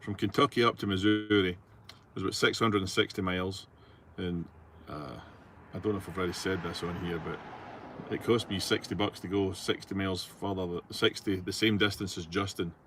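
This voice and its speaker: Behind the wheel of his truck, a middle-aged Scottish man speaks fairly quickly in a low, steady, fairly bright voice. He reads out viewer messages and chats casually, rambling and easygoing with plenty of fillers, while slight background noise persists.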